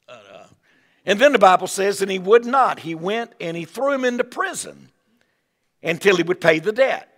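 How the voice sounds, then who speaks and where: An older man delivers a revival sermon in a folksy, animated style, circling back on his own words. His voice sits a touch high and carries a gravelly edge. The sound rings with a long reverb from a large church sanctuary. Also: moderate pace. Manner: folksy, animated preaching with asides and repeated words. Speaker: evangelist preacher.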